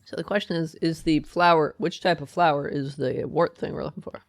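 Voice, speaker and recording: Game streamer, gravelly voice with some fry, dry close sound, talks through puzzles and reads on-screen text. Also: medium pitch, steady tone, a little fast, no echo. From United States. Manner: chatty, thinks aloud and reads game text aloud. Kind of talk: live gaming commentary.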